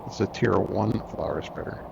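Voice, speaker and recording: Very gravelly low-voiced man, lo-fi. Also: background noise. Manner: unhurried, thinking aloud while playing. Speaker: gaming channel host. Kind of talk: let's-play commentary. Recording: dull lo-fi recording, faint music.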